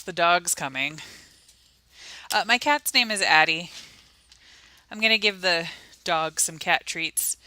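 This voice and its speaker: A young woman hosting a casual livestream, chatty and talking sweetly to her pets. Her voice is bright and forward, sitting a little low. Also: a little slow, pauses often, no room sound. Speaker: livestream host.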